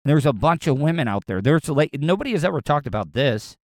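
A man's voice: on the high side, lively intonation, a little fast, no echo, clean studio sound. A man from the United States rants to his viewers in a rambling, profane monologue, often stammering and repeating words. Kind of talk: ranting monologue.

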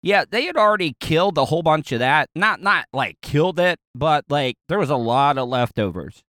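A man's voice: a little high, lively intonation, normal speed, fairly bright tone, dry recording, studio quality. Rambling Southern man telling a story. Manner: rambling, with frequent fillers, restarts and chuckles. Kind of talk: casual storytelling.

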